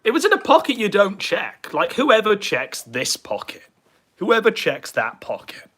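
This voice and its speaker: Brief: breathless male streamer, crude mocking commentary, animated voice. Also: high voice, a little slow, breathy edge, faint music behind. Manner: loud, crude, mocking, swears often. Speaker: streamer watching and mocking a video. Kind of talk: casual profane commentary.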